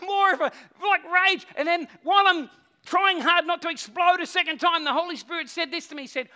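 A middle-aged man, preaching a sermon as a pastor and telling a story, swinging between hushed and loud. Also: extremely high pitch, animated, brisk.

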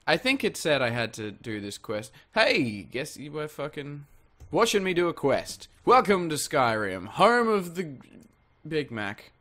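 A man's voice: fairly high pitch, big pitch swings, measured pace, a bit bright. A man giving rambling, jokey let's-play commentary, swearing freely as he plays. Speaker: gaming channel host.

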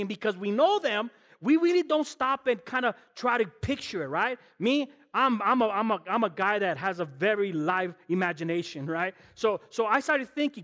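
A man preaching an animated sermon as guest pastor, telling stories and talking directly to the congregation. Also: sits high, in a large hall. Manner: storytelling, acts out voices, addresses the congregation. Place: church.

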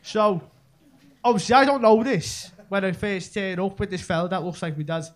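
Audience laughter fills this live comedy club recording of a young man from Merseyside, England, rambling through a stand-up set loaded with local slang. He has a Scouse accent and a high voice, and keeps a moderate pace.

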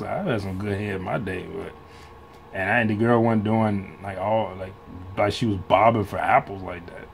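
A man with a lowish voice hosts a reaction video, with a slight hiss or hum in the audio. His commentary is casual and rambling, full of free swearing and frequent laughter between loose sentences he keeps restarting.

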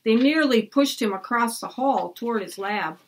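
A woman's voice: expressive, normal speed. A woman reading a children's chapter book aloud, lifting her voice for the children's lines and dropping it for the narration. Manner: lifts her pitch for the children's lines and drops low for the narration. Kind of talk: read-aloud storytelling.

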